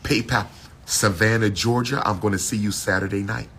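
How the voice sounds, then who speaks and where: A man's voice: lowish voice, fairly even intonation, moderate pace, bright, forceful tone, a little hiss or hum. A man hosting a casual livestream monologue, playful and repeating himself to build hype. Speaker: livestream host.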